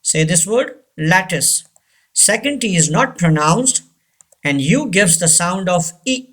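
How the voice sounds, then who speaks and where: Slow, deliberate male pronunciation teacher. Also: high voice, expressive, fairly bright tone. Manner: repeats each word deliberately, corrective. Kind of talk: slow instructional drilling.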